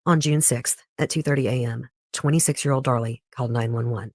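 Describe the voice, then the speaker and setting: A podcast host reading a scripted true crime case in a measured storytelling way, with pointed personal asides. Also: mid-range voice, fairly even intonation, no room sound, clean studio sound.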